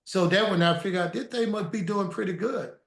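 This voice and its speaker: A man guest in a casual interview, telling animated stories and acting out quoted dialogue. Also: high voice, a little fast. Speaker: guest storyteller. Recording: echoey room.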